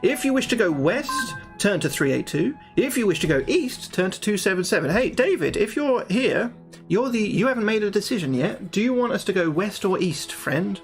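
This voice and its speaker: A man's voice: sits high, very animated, normal speed, faint music behind. Chatty man reading a gamebook. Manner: chatty, swears freely, talks to his viewers. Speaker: livestreamer playing a solo gamebook. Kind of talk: reading a gamebook aloud with casual commentary.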